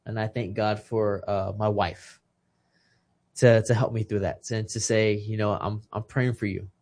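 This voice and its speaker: A man's voice: on the low side, little pitch movement, measured pace, a little mellow. A man in his thirties, a retired boxer from Texas, telling an emotional personal story in a casual interview, earnest and full of restarts.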